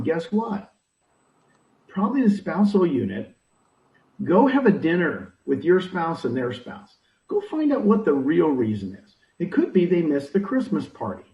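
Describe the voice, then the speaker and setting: In an interview, a man who mentors real estate recruiters fires off punchy advice and rhetorical questions in an animated way. He speaks at a moderate pace with a high-pitched, sing-song voice, captured in a dull, distant, echoey recording.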